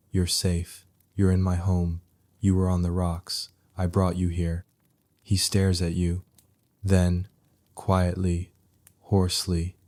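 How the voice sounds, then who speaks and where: A man softly telling a soothing bedtime story in a hushed, unhurried voice. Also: low-pitched. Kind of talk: soothing sleep story narration.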